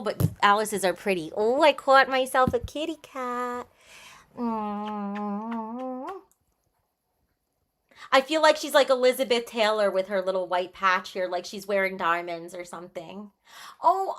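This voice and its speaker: A woman with a slightly high, bright voice chatting on a livestream. She is frank and breezy, answering her chat in a loose, irreverent way. Her tone stays candid and chatty throughout.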